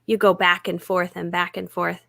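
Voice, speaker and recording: A woman hosts a casual live chat in a bright, forward voice. She sounds enthusiastic and laughs easily. The recording is dry and close. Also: lowish voice, little pitch movement, moderate pace, creaky, no room sound. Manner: enthusiastic, giggly. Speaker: host.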